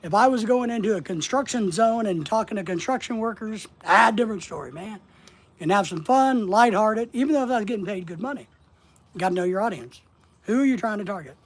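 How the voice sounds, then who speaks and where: A man's voice: sits high, animated, a little fast. Plainspoken man with a slight Southern accent. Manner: rambling, plainspoken, conversational. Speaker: online business coach. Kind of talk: casual livestream lesson.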